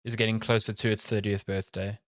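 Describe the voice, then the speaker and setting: A man's voice: lowish voice, little pitch movement, fairly quick, a bit bright. A man of thirty co-hosting a gaming podcast, rambling in casual chat, trailing off mid-thought and swearing offhandedly. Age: 30s. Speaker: podcast co-host.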